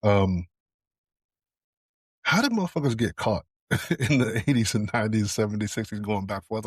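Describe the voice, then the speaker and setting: Casting: male podcast co-host, low voice, dry close mic, rambling, swears. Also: expressive, normal speed, pauses often, dry recording. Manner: rambling, swears, lots of fillers and restarts. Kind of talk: casual chat.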